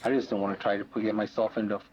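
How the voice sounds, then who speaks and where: A man's voice: on the low side, level tone, rapid-fire, a little mellow, slightly rough. Defensive man under questioning, dull recording. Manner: defensive, wry, evasive. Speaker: suspect being questioned. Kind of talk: police interview. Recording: dull archival footage with faint noise.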